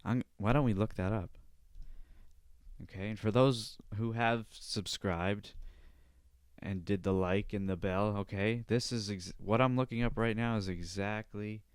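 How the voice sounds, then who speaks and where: A man's voice: on the low side, fairly even intonation, unhurried, clean tone, dry recording, clean studio sound. A man hosting his own podcast in casual chat, thinking aloud in a chatty, playful way. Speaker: podcast host.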